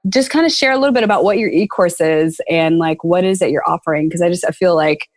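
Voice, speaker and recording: A woman's voice: fairly low pitch, fast. Chatty woman podcast host. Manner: chatty, many fillers, emotional. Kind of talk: casual faith podcast chat.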